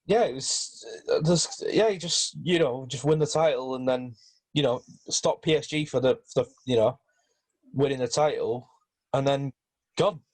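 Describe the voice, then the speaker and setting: A man talking football in a relaxed podcast chat, his voice sitting at an ordinary middle pitch. He hesitates often and restarts his sentences. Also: normal speed. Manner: hesitant, many fillers and restarts. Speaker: podcast host.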